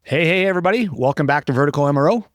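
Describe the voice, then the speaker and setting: A man's voice: fairly high pitch, expressive, rapid-fire, faint music behind. Jokey, rambling male podcast host. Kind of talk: casual chat.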